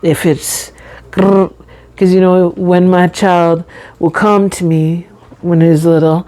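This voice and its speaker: A middle-aged woman talking slowly and deliberately in a personal vlog, carefully enunciating her words and chatting casually. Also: lowish voice, fairly even intonation, dark tone. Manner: chatty, says y'all and you know. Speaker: vlogger.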